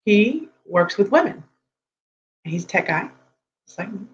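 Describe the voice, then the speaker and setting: Casual live-streaming coach who keeps asking "okay?", recorded dull with a low hum. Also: very animated, normal speed. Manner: chatty, rambling, keeps checking in with "okay?" and "right?". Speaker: dating coach for tech men. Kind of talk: live-stream advice talk. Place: room with geek collectibles behind. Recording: dull lo-fi sound with faint hum.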